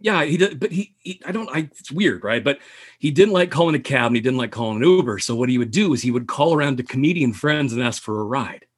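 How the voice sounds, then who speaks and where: A man swaps stories in a relaxed conversation, his slightly husky voice leaping up and down as he tells them. He laughs hard and slips into quick impressions of the people in his stories. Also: mid-range voice. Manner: animated storyteller, laughs loudly, mimics people in quotes. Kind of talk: casual chat, telling comedy anecdotes.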